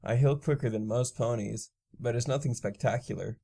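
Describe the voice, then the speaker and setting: A brash young vampire mare, as a male reader puts her on in a storybook reading. Her voice sits near the reader's own pitch, mellow and warm. She talks in a subdued, low-key manner. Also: moderate pace, creaky. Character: young female vampire pony, brash and laid-back.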